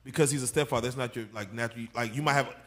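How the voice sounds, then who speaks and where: A man co-hosting a podcast in casual group chat, animated and profane, often laughing as he jokes. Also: medium pitch, rapid-fire, crowd noise. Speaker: podcast co-host.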